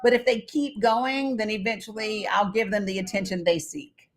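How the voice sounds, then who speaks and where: A woman's voice: mid-range voice, fairly even intonation, normal speed, soft background music. A middle-aged woman hosting a live stream in casual chat, talking straight to her viewers by name, blunt and swearing freely.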